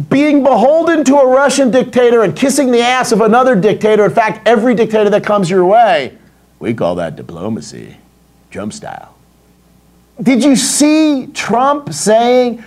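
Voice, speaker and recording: A man's voice: extremely high pitch, big pitch swings, a little slow, a little mellow. A middle-aged man from the United States hosting a political commentary show, ranting in an indignant, sarcastic and profane way.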